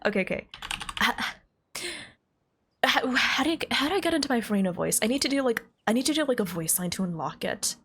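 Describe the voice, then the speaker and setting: A woman's voice: a little high, animated, a little fast, fairly bright tone, a little hiss or hum. A young woman streaming a game, chatting in a giggly, playful way and greeting her viewers. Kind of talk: casual live-stream chat. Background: game music.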